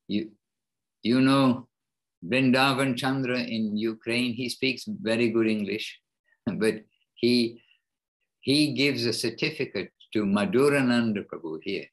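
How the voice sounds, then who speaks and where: A man hosting an informal devotional class online, speaking haltingly and rephrasing himself mid-sentence. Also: medium pitch, poor audio. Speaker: class host.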